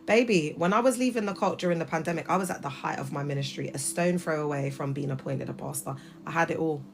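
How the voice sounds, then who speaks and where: A woman's voice: low voice, fast talker, vocal fry, music in the background. A woman in her thirties hosting a casual livestream from her phone, talking emphatically and addressing viewers directly. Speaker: livestream host.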